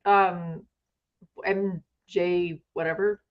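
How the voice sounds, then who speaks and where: A woman's voice: fairly low pitch, flat delivery, slow, muffled recording, over a noisy crowd. A woman co-hosting a livestream in casual chat, sarcastic and teasing, over a computer mic on a video call. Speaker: livestream co-host.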